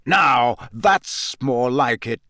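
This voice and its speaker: A man voicing a gruff, paranoid old male wizard teacher who growls out slow, loud commands. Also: mid-range voice, expressive, no echo, clean studio sound, full character voice. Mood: gruff praise.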